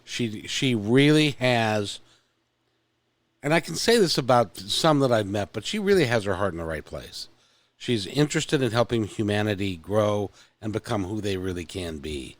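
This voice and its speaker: A male interview host who talks loosely and jokes, wandering through his sentences with fillers. His pitch swings widely from line to line. The sound is close and dry, with no room around it. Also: animated, normal speed, dry recording. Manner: joking, rambling with many fillers. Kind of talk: casual interview chat.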